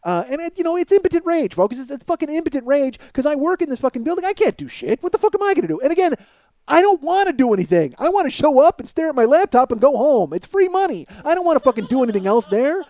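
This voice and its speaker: A man hosting a comedy podcast, delivering a profane, exasperated rant that swings between loud outbursts and low muttering. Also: big pitch swings, fast talker, no echo. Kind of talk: ranting comedic monologue.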